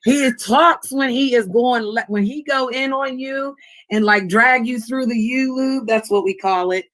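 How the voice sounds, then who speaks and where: Woman streamer, African American English accent, bright high voice, brash and laughing, cusses freely on a video call. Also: unhurried, rough recording. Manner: loud, laughing, swears freely. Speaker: livestream host. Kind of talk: casual livestream chat.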